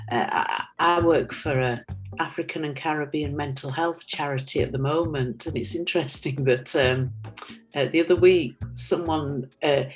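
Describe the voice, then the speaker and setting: A woman from the audience chips in over a video call in a casual, meandering chat. Her voice is low for a woman, and she fills her pauses with plenty of ums and uhs. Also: rough recording. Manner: meandering, many fillers. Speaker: audience member.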